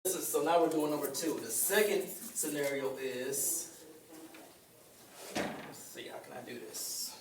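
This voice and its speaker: A man giving an informal talk to a group, conversational, pausing often with fillers. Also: a little high. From Chicago. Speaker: speaker. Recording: echoey room with faint ambient noise.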